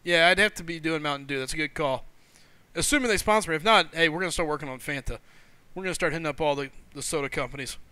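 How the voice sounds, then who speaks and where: A man hosting a live stream, chatting excitably, laughing often and reading viewers' comments aloud. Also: a little high, fast, smooth, no room sound. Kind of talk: casual live-stream chat.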